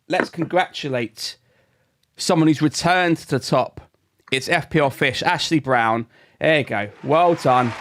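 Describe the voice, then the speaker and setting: A man hosting a casual fantasy football podcast, upbeat, chatty and joking with his co-hosts. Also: medium pitch. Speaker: podcast host.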